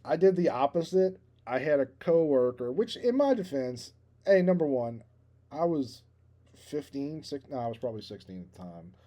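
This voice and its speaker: A man's voice: mid-range voice, sing-song, moderate pace, dark tone. A man co-hosting a podcast, telling a rambling, self-deprecating story in casual chat and laughing at himself. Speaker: podcast co-host.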